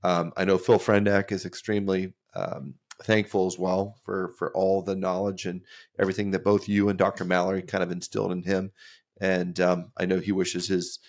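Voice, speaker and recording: A man's voice: low voice, level tone, normal speed, a little mellow. A man co-hosting a podcast, telling a rambling anecdote with repeated words. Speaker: podcast host. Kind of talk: casual podcast chat, storytelling.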